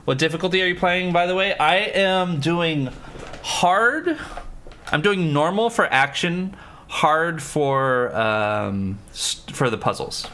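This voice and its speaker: A man's voice: fairly high pitch, lively intonation, slow pace, bright, forceful tone. A man live-streaming a game, chatting with viewers, greeting them by name and thinking through puzzles aloud.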